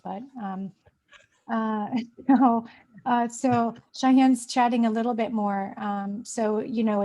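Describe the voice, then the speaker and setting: Woman host, mid pitch, loose rambling delivery full of fillers, video-call chat. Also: creaky, dark tone. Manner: rambling, many fillers and restarts, laughs lightly. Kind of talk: casual spiritual conversation.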